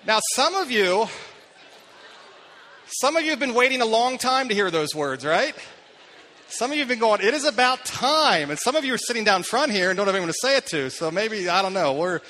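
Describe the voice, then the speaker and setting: A man's voice: high voice, expressive, a little fast, sharp tone, slight background noise. A man in his thirties preaching a sermon, talking conversationally and putting questions to the congregation. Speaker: pastor. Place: church hall. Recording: long hall reverb.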